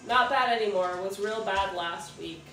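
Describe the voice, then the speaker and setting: A woman in her thirties from Ontario hosts a casual livestream chat, swearing freely as she reads out viewer comments. Her voice sits at a middling pitch. The sound is roomy, with the mic set back and music playing underneath. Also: moderate pace, a bit bright. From Ontario, Canada. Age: 30s. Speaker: livestream host. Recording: roomy room, distant mic, music behind.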